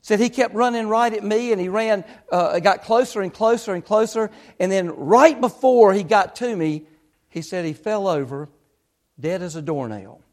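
A man's voice: high voice, normal speed. A man preaching, retelling a story with lots of quoted speech in an earnest, building way. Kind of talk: sermon storytelling.

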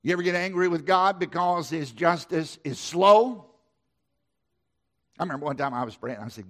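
A man's voice: fairly high pitch, fairly quick, fairly bright tone. A middle-aged man preaching a sermon, emphatic and repetitive, with a preacher's cadence. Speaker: pastor.

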